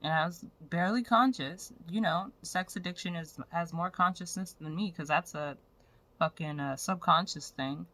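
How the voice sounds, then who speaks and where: A woman's voice: fairly low pitch, normal speed, bright, forceful tone. A young woman vlogging in a frank, profane, rambling way about her personal life. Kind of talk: candid personal vlog rant.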